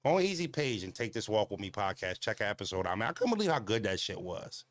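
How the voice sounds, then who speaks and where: A man's voice: fairly low pitch, big pitch swings, fast, no echo. A man hosting a casual walking livestream, talking bluntly and profanely, rambling with lots of fillers and answering viewers' comments. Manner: talks back to viewer comments. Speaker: channel host.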